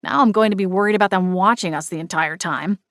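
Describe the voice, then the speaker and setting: A woman's voice: medium pitch, fast, no echo, clean studio sound, lightly acted. A woman voicing an exasperated young husband. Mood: worried. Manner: grumbling.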